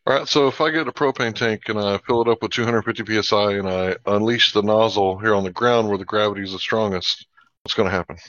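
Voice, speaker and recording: A man's voice: on the low side, fast talker, a bit bright, no room sound. A man hosting a live stream, pressing his guest with pointed debate-style questions. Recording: dull lo-fi dry sound.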